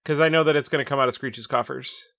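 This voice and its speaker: A man's voice: medium pitch, fast, vocal fry, a bit bright, dry recording, studio quality. A man voicing a scheming male businessman in disguise with a pirate-like voice.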